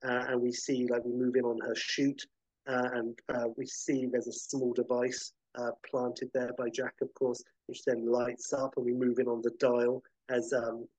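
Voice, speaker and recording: A man casually narrating a film pitch scene by scene, rambling with frequent fillers. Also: a little mellow, no room sound, poor audio.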